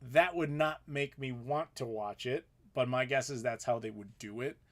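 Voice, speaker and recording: A man's voice: mid-range voice, normal speed, a bit bright. A man, hosting a live question-and-answer stream, chatting casually and reading out viewer questions. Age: 30s. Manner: casual, rambling, reading chat aloud. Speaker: YouTube host. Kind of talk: live Q&A chat.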